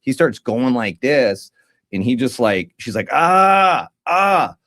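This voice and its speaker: A man's voice: medium pitch, a little slow. A man co-hosting a podcast, telling a story in casual slangy chat and acting out what other people said. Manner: animated storyteller, slangy, acts out others' lines. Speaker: podcast co-host.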